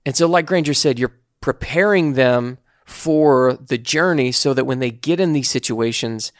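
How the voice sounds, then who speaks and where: A man co-hosting a casual podcast, giving earnest, reflective faith advice at a slow, searching pace. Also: medium pitch, no room sound, clean studio sound. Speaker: podcast co-host.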